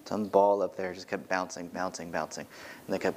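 Male pastor, church sermon, earnest and emphatic, repeats his points, somewhat low voice. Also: steady tone, fairly quick, a little mellow, a little hiss or hum. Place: church sanctuary, from the pulpit.

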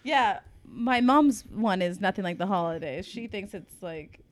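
A woman's voice: mid-range voice, lively intonation, a little slow. A woman co-hosting a podcast in casual chat, chatty and giggling often. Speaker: podcast co-host.

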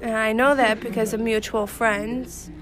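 A woman's voice: on the high side, flat delivery, measured pace, a crowd in the background. A woman guest candidly telling a personal story in casual chat.

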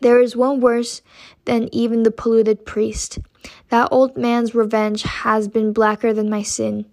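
A tormented, guilt-ridden minister speaks in heavy, solemn old-fashioned phrases, read by a woman. The voice sits fairly high and stays quiet. She barely changes her own voice for him. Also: flat delivery, measured pace, vocal fry, no echo. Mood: sorrowful.

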